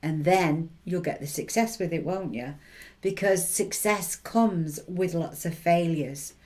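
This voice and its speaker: Woman, lowish pitch, chatty, encouraging, motivational advice. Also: unhurried, a little mellow. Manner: chatty, encouraging, keeps checking in with tag questions. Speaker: intuitive reader and advice giver. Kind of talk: motivational advice talk to camera.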